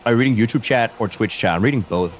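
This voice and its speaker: A man's voice: lowish voice, fast, slight background noise. A man in his thirties with a light Danish accent, chatting casually on a game stream and answering chat. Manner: easygoing, chatty, self-deprecating.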